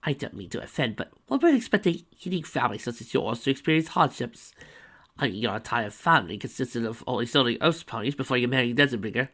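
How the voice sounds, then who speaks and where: A man's voice: expressive, quick pace, fairly bright tone. A man voicing a dramatic, fashionable unicorn woman in a fan fiction reading, theatrical and indignant. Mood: plaintive. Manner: theatrical, indignant, high-strung. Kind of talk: fan fiction read aloud.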